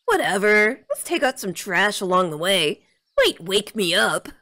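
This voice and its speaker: A woman's voice: mid-range voice, sing-song, measured pace, bright, forceful tone. A woman streaming a video game, giving playful, sarcastic commentary and swearing freely. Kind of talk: casual gameplay commentary. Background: faint game music.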